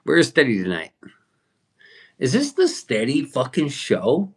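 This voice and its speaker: A man's voice: mid-range voice, huge pitch swings, unhurried, long pauses, slightly rough. A man chatting casually on his livestream, rambling and swearing as he answers viewer comments. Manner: rambling, profane, answers chat. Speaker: livestream host.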